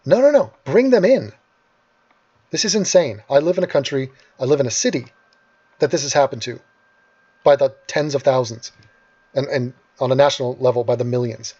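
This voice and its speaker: A man's voice: medium pitch, animated, normal speed, long pauses, dark tone, husky, muffled recording. A man hosting an angry, sarcastic and profane rant over video clips. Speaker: host.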